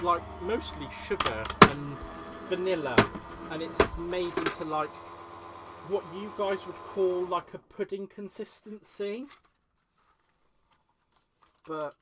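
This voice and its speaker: Chatty man, slightly high voice. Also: heavy background noise. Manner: chatty, gushing, answers viewer comments aloud. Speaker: crafting livestream host. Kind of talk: casual live-stream chat while crafting. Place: home craft space.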